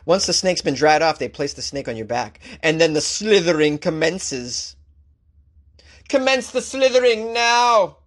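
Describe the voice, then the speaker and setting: A male talk show host reading out odd news stories and mocking them sarcastically, with big jumps in pitch. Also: expressive, moderate pace, hardly any pauses. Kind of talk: comic news commentary.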